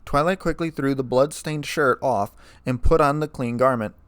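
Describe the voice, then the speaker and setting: A man reading a fan fiction story aloud in a plain, steady narrating voice. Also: mid-range voice, moderate pace, no room sound.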